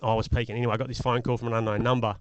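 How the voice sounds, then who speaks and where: A man's voice: mid-range voice, little pitch movement, very fast, clean tone, dry recording, dull audio. Man, middle-aged, earnest reflective storytelling, casual podcast chat, resonant voice. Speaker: podcast co-host.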